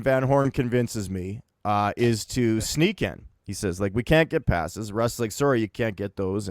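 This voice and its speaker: A man from Winnipeg telling a rambling story on a podcast, casual and animated, laughing as he acts out what his friends said. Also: medium pitch, clear, resonant tone, no room sound, studio quality. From Winnipeg, Canada.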